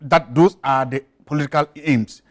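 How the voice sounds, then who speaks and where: A man's voice: medium pitch, fairly even intonation, moderate pace. A man, a studio guest on a television talk show who makes his points emphatically and insistently, often repeating them.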